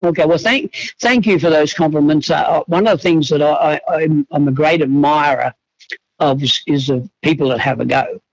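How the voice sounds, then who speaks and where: A man's voice: fairly high pitch, no room sound, low-quality recording. A man, a horse trainer being interviewed, talking reflectively with frequent restarts and fillers. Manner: halting, many restarts and fillers.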